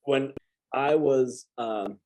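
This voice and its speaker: Mid pitched dude hosting, chatty and rambling. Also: male voice, extremely slow, dark tone, rough recording. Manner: chatty, rambling, lots of fillers and restarts. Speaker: podcast host and veteran. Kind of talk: casual chat.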